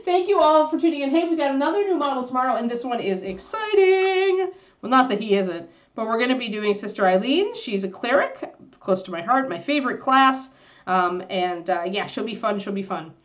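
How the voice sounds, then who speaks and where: A woman's voice: a little high, animated, fairly quick. A woman hosting a miniature painting livestream, chatting casually and explaining brushes and colors to viewers. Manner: chatty, scolds and coos at her puppy between painting tips.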